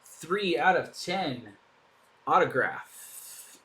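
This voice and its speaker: Slow-talking man hosting a card break. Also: on the high side, animated, sharp tone. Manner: chatty, upbeat, thinking aloud between reveals. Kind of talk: casual live commentary while opening packs.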